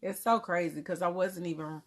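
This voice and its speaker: She laughs a lot as she chats casually with viewers and reads their comments on her livestream, speaking with a Southern US accent though she comes from Germany. Her voice is on the low side, steady and at normal speed, with dropped words and casual grammar.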